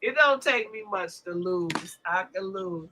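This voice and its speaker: A woman hosting a podcast, chatting loudly with lots of laughter and profanity. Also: fairly low pitch, lively intonation, a little slow, slight background noise, low-quality recording. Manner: loud, laughing, profane banter. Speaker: podcast host. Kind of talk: casual chat.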